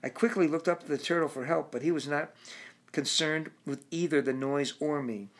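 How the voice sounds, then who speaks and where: Guy reading his own book out loud, measured, trips over a word now and then. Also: a little high. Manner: measured, with occasional restarts. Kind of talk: audiobook narration.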